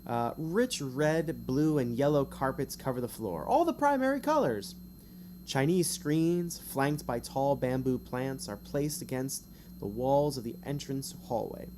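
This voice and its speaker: A man with a medium-pitched, expressive, slightly mellow voice reads a gamebook aloud on stream in a casual way. Between passages he wanders off into chatty, rambling asides and is quick to laugh at himself. There's slight background noise.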